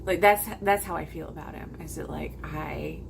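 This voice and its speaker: A woman in her forties vlogging in a casual chat to camera, rambling and halting with lots of fillers. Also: low voice, gravelly, slight background noise. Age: 40s.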